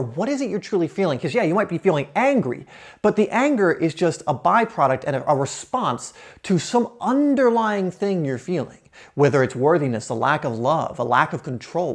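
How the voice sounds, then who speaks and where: A man speaking as a self-help coach in an earnest, coaching way, sometimes acting out the thoughts of his listeners. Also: fairly high pitch. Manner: earnest, coaching, acts out inner thoughts in quotes. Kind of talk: motivational talk to camera.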